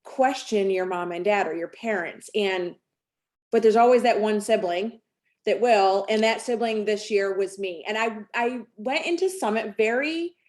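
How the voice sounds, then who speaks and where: A woman's voice: medium pitch, measured pace, darkish tone. Chatty woman telling a team story. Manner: chatty, rambling, many fillers and restarts. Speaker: sales team director. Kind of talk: casual storytelling on a team call.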